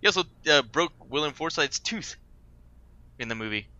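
A man's voice: fairly high pitch, animated, normal speed, pushed and bright, dry recording, lo-fi sound. A man co-hosting a podcast, telling stories in a crude, exasperated way. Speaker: podcast co-host. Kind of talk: casual movie-review chat.

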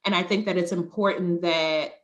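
Podcast co-host, woman, fairly low voice, thoughtful candid talk with frequent laughs. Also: fairly even intonation, normal speed, a bit bright. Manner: reflective, laughs often, acts out quoted voices. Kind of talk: candid conversational chat.

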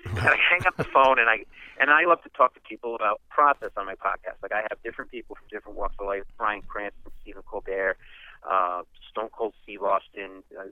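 A man who is a comedian, telling a story in a lively way and acting out voices as he goes. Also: on the low side, fairly quick, no room sound. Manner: lively, acts out voices in his stories. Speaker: comedian and podcast host, guest. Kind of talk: animated comic storytelling. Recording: tinny phone-like line.

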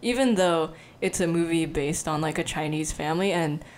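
A woman's voice: low voice, moderate pace, slight background noise. A young woman co-hosting a casual podcast chat, talking freely with lots of fillers and frequent laughter. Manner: chatty, many fillers, laughs often. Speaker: podcast co-host.

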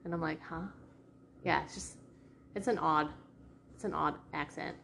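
A woman's voice: low-pitched, fairly even intonation, moderate pace, creaky, fairly bright tone, slight background noise. A woman with a New England accent chatting casually in a vlog, rambling with many restarts and fillers. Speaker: vlogger. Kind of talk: casual chat. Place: rented house indoors.

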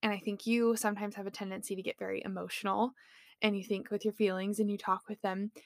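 A woman co-hosting a podcast, talking in a measured, logical and reflective way during casual conversation. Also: mid-range voice, little pitch movement, no echo, studio quality. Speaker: podcast co-host. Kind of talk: casual chat.

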